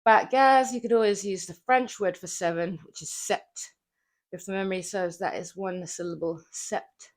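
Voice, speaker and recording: A woman livestreaming from her flat, chatting playfully with viewers and laughing often while she works out, a little out of breath. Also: medium pitch, a little fast, few pauses. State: out of breath from exercise. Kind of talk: casual livestream chat while working out. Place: home flat.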